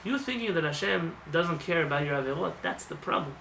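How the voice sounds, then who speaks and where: A man rabbi giving a lively, joking sermon in a synagogue, acting out voices as he talks. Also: fairly high pitch, fairly quick, vocal fry, far from the mic, a little hiss or hum. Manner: animated, acts out voices, jokes with the congregation. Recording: roomy hall with faint ambience.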